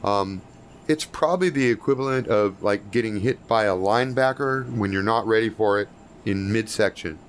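A man's voice: lowish voice, normal speed, a little hiss or hum. A man narrating as game master in a tabletop game, in a loose, profane, chuckling way.

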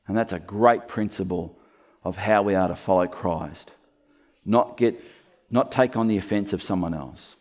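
A man's voice: fairly low pitch, moderate pace, a little mellow. A man preaching an expository sermon to a live church congregation, stressing key words and speaking directly to his listeners. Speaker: pastor.

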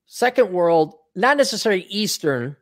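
A man's voice: high voice, very animated, moderate pace. A man co-hosting a casual talk show, reading out donations and giving blunt, sarcastic opinions. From Wisconsin. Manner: blunt, sarcastic, acts out mocking quotes. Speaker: podcast co-host.

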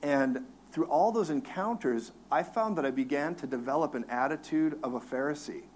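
A man who is a minister, telling his own story on a talk show, lively and laughing, acting out his crying with big swings in voice. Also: a little high, moderate pace, slight background noise.

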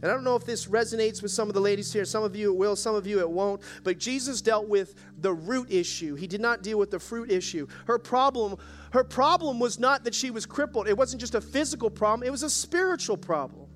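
High-voiced male pastor preaching. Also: brisk, slight background noise. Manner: exhorting, calls for audience response. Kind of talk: sermon. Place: church service.

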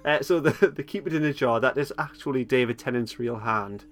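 A man co-hosting a podcast, recapping an episode in relaxed chat, laughing often and pausing with lots of ums. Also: mid-range voice. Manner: chatty, laughs often, hesitant with many ums. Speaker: podcast co-host.

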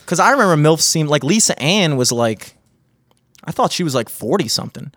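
Podcast guy swearing constantly and cracking jokes, kinda high voice, dry close sound. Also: fairly quick, dry recording. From Greek and Italian heritage. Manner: profane, animated joke-telling. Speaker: podcast co-host. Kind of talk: crude casual podcast banter. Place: remote podcast recording.

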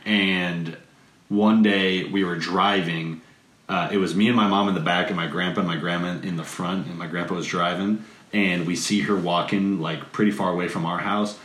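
A man casually telling a family anecdote, animated and full of "like", often leaping into high voices to quote people. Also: normal speed. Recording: roomy echo.

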